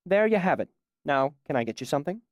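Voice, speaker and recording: A man narrating an audiobook, voicing a busy, brusque woman innkeeper in a brisk, snappish voice. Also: low voice, sing-song, darkish tone, no echo.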